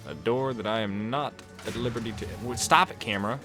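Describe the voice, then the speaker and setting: Male let's-play host, mid pitch, joking, game music under him. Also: brisk. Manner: joking, swears, talks back at game characters. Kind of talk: casual gameplay commentary. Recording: game music playing behind.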